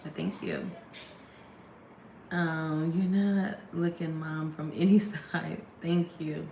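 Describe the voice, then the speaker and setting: A woman's voice: deep voice, flat delivery, slow, creaky, warm tone, roomy sound, highs cut off, slight background noise. A woman in her thirties chatting casually to a phone camera, rambling and laughing often. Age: 30s. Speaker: vlogger.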